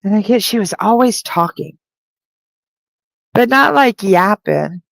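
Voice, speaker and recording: A woman's voice: mid-range voice, lively intonation, unhurried, creaky, dry recording, rough recording. A woman working as a psychic medium who gives a live-streamed spirit reading. She talks in a chatty, rambling way, full of "like," with light laughter.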